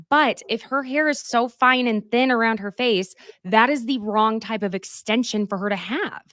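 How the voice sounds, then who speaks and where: A woman hosting a casual chat, recapping a reality show in a chatty, gossipy way with quick asides. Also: on the high side, a bit bright, no echo, clean studio sound. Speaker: podcast host.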